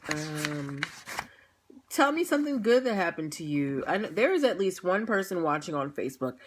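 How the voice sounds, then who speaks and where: A woman's voice: lowish voice, sing-song, normal speed, noisy background. A young woman hosting a livestream, chatting casually with viewers, tired and laughing often. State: tired, yawning. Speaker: livestream host. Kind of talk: casual pre-show chat to viewers.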